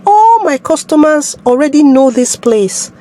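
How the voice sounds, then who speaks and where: A woman's voice: sits high, very animated, measured pace, rough recording. A woman playing a defiant Nigerian shopkeeper. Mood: pleading. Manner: pleading then scolding, loud and emphatic. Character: young female shopkeeper, aggrieved and defiant. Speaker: evicted shop tenant in a skit.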